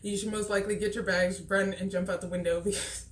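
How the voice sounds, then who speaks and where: A woman's voice: mid-range voice, steady tone, fast talker, echoey room, poor audio. A woman chattily reviewing a TV episode, exasperated, acting out lines from scenes. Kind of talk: casual TV episode review vlog.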